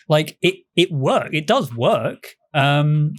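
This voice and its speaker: A man's voice: a little high, big pitch swings, slow pace. A man co-hosting a casual podcast chat about game design, talking animatedly, acting out little quotes and swearing casually. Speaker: podcast co-host, game developer.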